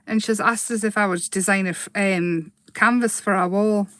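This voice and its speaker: A woman hosting a casual live craft demo, chatty and quick to giggle as she paints. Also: medium pitch, fairly even intonation, fairly bright tone, no echo.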